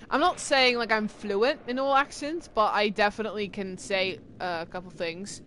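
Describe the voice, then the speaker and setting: A woman's voice: medium pitch, normal speed, fairly bright tone, slight background noise. A young woman with an English accent touched by Irish and Scottish sounds, chatting casually to her stream viewers as a gaming streamer, rambling with lots of fillers and restarts.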